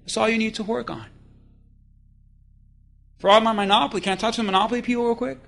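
High, bright-voiced preacher man. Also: fast, creaky. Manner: lively, playful preaching with call-and-response and acted-out voices. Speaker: pastor. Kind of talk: sermon. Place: church.

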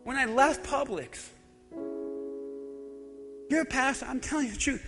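High-voiced man preaching with fervor. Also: measured pace, vocal fry, long pauses. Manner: impassioned, swings from soft asides to shouted exhortation. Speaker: pastor. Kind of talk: fiery sermon. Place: church sanctuary. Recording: long church reverb with music behind. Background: music playing.

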